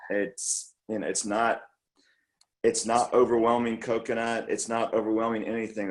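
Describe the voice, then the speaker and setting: A man's voice: on the low side, poor audio. A man co-hosting a team call, giving an enthusiastic, rambling product recap full of fillers and restarts.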